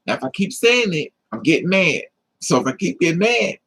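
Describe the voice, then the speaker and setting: A woman's voice: lowish voice, very animated, moderate pace, slightly rough, low-quality recording. A middle-aged woman chatting casually to her livestream viewers, sassy and emphatic, repeating her lines and calling people honey. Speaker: livestream host.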